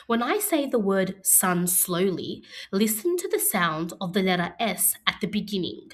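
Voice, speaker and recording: A woman teaching an early-years phonics lesson, speaking slowly and clearly in an encouraging classroom manner. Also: mid-range voice, very animated.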